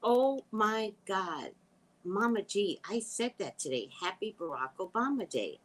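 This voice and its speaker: A woman's voice: medium pitch, big pitch swings, unhurried, poor audio. A woman hosting a casual livestream, reading viewer comments aloud and reacting in a chatty way, sometimes dropping to a whisper. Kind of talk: casual live chat.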